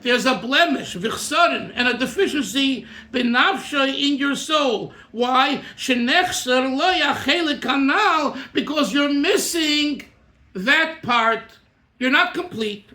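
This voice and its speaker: Male rabbi, very high, bright and forceful voice, reads Hebrew and explains it in English, recorded in an echoey room. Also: animated, takes it slowly. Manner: reads Hebrew lines and explains them in English, breaks into song. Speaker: rabbi teaching a text. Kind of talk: Torah class, reading and translating a text.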